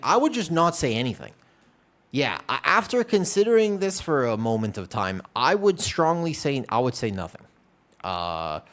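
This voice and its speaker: Rambling, lively-pitched male streamer. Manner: rambling, self-deprecating, swears casually. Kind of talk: casual stream chat.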